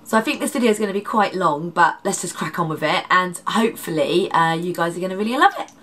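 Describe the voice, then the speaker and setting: A woman, a makeup artist, chatting through a makeup tutorial with a congested, nasal, slightly husky voice and rambling asides. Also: on the low side, fast, fairly bright tone. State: congested, nasal from hay fever.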